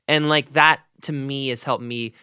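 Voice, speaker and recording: Bright-voiced guy on a podcast, earnest, lots of "like", super dry close mic. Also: mid-range voice, fairly even intonation, unhurried, clear, resonant tone, no echo. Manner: earnest, rambling with fillers. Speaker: podcast co-host. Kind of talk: casual chat.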